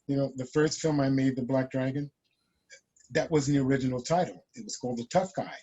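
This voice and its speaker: An older man with a dark, husky voice, reminiscing in an unhurried, reflective way. His audio arrives over a video call, dull and lo-fi. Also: medium pitch. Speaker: panelist, martial arts master. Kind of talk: reminiscing panel talk.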